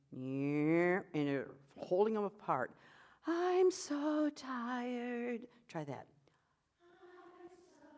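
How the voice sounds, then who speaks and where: A woman's voice: sits low, a little mellow. A woman vocal coach leading a voice workshop. She encourages the group and demonstrates sounds and short sung phrases for them to copy.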